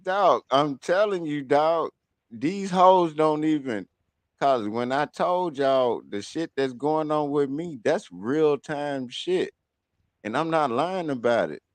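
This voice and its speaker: A man's voice: a little high, lively intonation, takes it slowly, dry recording. A man hosting a talk radio show, ranting in a heated, profane, blunt way about people and his own court case. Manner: heated, cursing, blunt storytelling. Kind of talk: profane casual rant.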